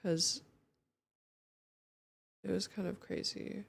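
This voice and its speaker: Sleepy young woman, gravelly slow chat. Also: medium pitch. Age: young adult. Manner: greets chat viewers one by one, relaxed and chatty. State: sleepy morning voice. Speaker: streamer. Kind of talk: casual chat.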